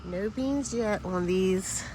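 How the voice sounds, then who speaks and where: A woman's voice: mid-range voice, takes it slowly, dark tone, slight background noise. A woman giving a casual tour of her vegetable garden outdoors, chatty and easily distracted, sniffling a little as she talks.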